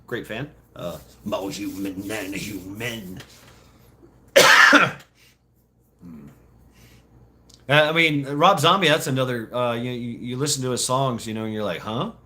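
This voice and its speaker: A middle-aged man chatting casually and rambling, laughing often and slipping into quick put-on voices. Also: mid-range voice, pushed and bright. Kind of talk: casual chat.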